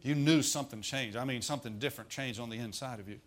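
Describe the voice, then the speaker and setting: A man's voice: medium pitch, fast talker. Folksy male preacher. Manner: folksy, humorous preaching with asides. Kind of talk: sermon.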